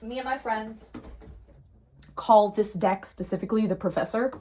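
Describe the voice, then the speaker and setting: A young adult woman giving a pick-a-card tarot reading at home, earnest and emotional, swinging from soft to heated. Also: on the high side, moderate pace. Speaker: tarot reader. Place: home room.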